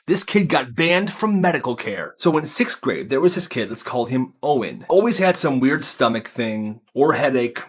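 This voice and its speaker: Young male storyteller, chatty and amused, husky voice, mid pitch. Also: fairly bright tone. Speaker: storytime narrator. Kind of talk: casual storytime narration.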